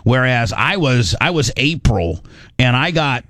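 A man hosting a casual radio show, rambling through stories with lots of restarts and animated asides. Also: mid-range voice, a little slow. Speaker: show host.

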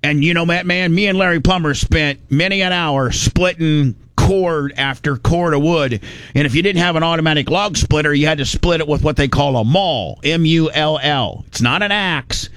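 A man's voice: a little high, normal speed, a bit bright, no room sound. A man from Indiana telling a rambling, folksy story in casual chat, slipping into voices for the people he quotes.

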